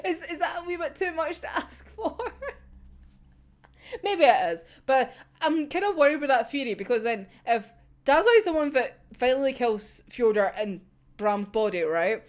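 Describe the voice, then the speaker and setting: A young woman ranting about a manga chapter in a casual fan reaction, excitable, swearing freely and laughing often. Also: sits high, measured pace.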